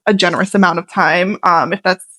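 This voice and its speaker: Enthusiastic woman host, halting delivery. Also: lowish voice, steady tone, bright, forceful tone, no echo, low-quality recording. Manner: enthusiastic, hesitant with many "um" fillers. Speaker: interview host. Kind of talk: casual interview chat.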